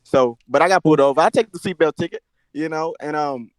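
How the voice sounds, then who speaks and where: A young man hosting a casual podcast chat, telling stories in an animated, slangy way. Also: on the high side, quick pace, no echo. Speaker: podcast host.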